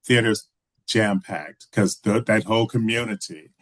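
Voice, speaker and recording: A man's voice: lowish voice, measured pace, a bit bright, no room sound. A man, a filmmaker guest from Texas, telling stories in a casual video call interview with many restarts and "you know"s.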